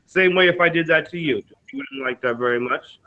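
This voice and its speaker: Confrontational man from Boston with a high, very sharp voice, dull lo-fi line with faint noise. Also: fairly quick. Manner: confrontational, threatening, heavy cursing. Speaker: podcast guest. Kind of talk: heated argument.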